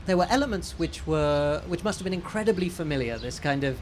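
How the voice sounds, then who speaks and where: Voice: mid-range voice, lively intonation, brisk, darkish tone, a little hiss or hum. A host interviewing an author at a bookshop event, asking thoughtful, hesitant questions with many restarts.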